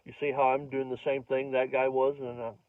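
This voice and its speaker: A man's voice: mid-range voice, flat delivery, fairly quick, a little hiss or hum. A middle-aged man, a comedian, telling a rambling story straight to the camera, full of digressions and self-mocking asides. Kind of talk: casual comic storytelling to camera. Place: home recording, not a stage. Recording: dry, tinny phone-like recording.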